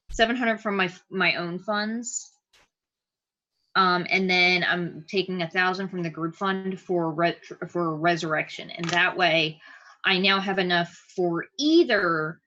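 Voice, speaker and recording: A woman playing in a tabletop game, animated and joking, swearing freely. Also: on the low side, lo-fi sound. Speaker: player. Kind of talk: casual tabletop play.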